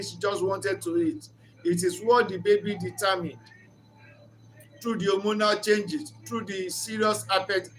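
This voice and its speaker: Man giving an earnest marriage talk, high bright voice, little room hum behind. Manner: earnest, storytelling, preacher-like. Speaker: speaker of a reflection channel.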